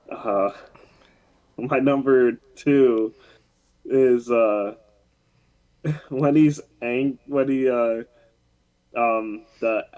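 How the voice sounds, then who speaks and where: A man's voice: mid-range voice, a little mellow, rough recording. A man co-hosting a casual podcast, retelling scenes with lots of fillers and restarts. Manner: rambling retelling with many fillers and laughs. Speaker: podcast co-host. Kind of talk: casual chat.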